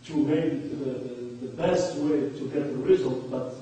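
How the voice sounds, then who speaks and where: A man's voice: mid-range voice, steady tone, mellow, slight background noise. Hesitant man asking from the floor. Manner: halting, many fillers. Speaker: audience member asking a question. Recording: echoey hall, from far off.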